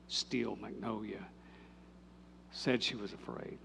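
An older man, a pastor telling a story in a sermon, moving from lively telling to hushed, intimate speech. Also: mid-range voice, a little slow, creaky, a little hiss or hum.

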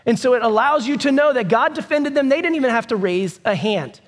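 Male pastor, very high-pitched, casual storyteller, reverberant church hall. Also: animated, a little fast. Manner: casual storytelling with asides to the congregation. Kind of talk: sermon.

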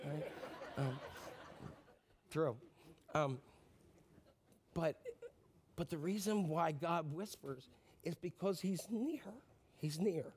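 A man preaching a sermon, animated, swinging from loud bursts to near-whispers and asking the congregation questions that he answers himself. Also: on the high side, takes it slowly, pauses often, a little hiss or hum. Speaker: pastor.

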